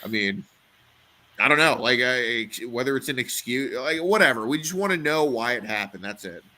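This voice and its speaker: A man's voice: mid-range voice, animated, moderate pace, sharp tone. A young man on a casual online panel, talking with lots of restarts and swearing. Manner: hesitant, swearing, frequent restarts. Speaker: panel guest.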